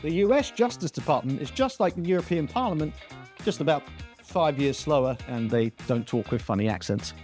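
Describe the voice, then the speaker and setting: Man hosting a jokey tech news show, slightly high voice, dry self-mocking quips over faint music. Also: lively intonation, brisk. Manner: sarcastic, self-deprecating jokes. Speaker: comedy tech news host. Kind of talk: comic tech news monologue.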